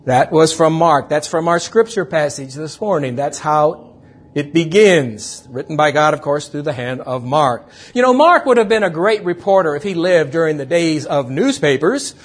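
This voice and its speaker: A male pastor speaking in a slightly high, husky voice. He reads scripture in a measured sermon cadence. Now and then he turns to playful quizzing of his congregation. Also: lively intonation.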